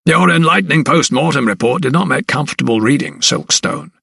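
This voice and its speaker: A sneering gentleman lawyer, put on by a male narrator, lets each scornful word drag out slowly in a middling voice. He sounds ruthless and mocking, with every word dry and close to the mic. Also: mid-range voice, animated, gravelly, breathy edge, no echo, far from the mic, pitched above the performer's own voice, full character voice.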